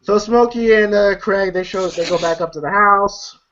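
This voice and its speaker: A man's voice: high voice, normal speed, a bit bright. A man casually recapping a movie for his friends in a rambling, profane way. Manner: rambling, profane retelling, laughing through it. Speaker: movie reviewer. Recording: slightly muffled lo-fi audio.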